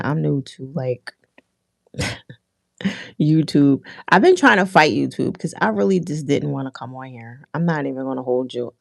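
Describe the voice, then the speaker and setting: Low gravelly woman rambling on a livestream, dry close mic. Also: darkish tone, no echo. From Philadelphia area. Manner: chatty, rambling, frequent restarts and fillers. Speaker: livestream host. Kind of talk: casual livestream chat with viewers.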